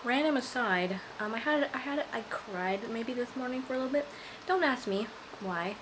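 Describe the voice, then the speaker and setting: A woman's voice: fairly high pitch, moderate pace, background noise. A woman vlogger speaks in a slightly raised register, loose and rambly, joking with her viewers. She sounds tired but keeps things playful as she talks at home, with faint room ambience behind her. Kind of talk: casual vlog chat.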